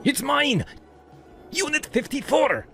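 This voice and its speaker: A man's voice: extremely high pitch, sing-song, slow pace, bright, forceful tone, voice pushed up, exaggerated voice. A man voicing an enraged middle-aged stranger who bellows in fury, in a horror story narration. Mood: furious. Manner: bellowing, furious.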